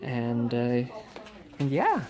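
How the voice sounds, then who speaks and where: Man, casual beach vlog chat, rambling and offhand, middle pitch. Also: wildly swooping pitch, very slow, a little mellow.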